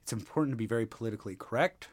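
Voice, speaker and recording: A man's voice: mid-range voice, racing. A man chatting casually as a podcast guest, rambling and circling back often as he talks. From Seattle area, USA. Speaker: podcast guest, improv performer.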